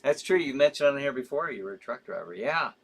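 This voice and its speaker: A man's voice: medium pitch, animated, quick pace, slightly rough. A man hosting a live show in casual chat, reading out viewer comments with sympathy, rambling with frequent fillers and easy laughs.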